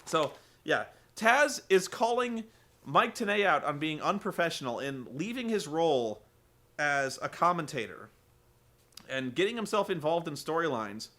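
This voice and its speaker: A man's voice: fairly high pitch, very animated, a little slow, pushed and bright. A man giving a sarcastic, rambling, profane comedic recap of a show as host.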